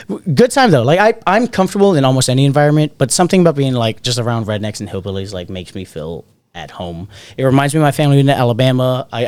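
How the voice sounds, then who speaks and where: A man's voice: medium pitch, clear, resonant tone, no room sound. A man co-hosting a podcast, telling a party story in casual, rambling chat and swearing freely. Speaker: podcast co-host.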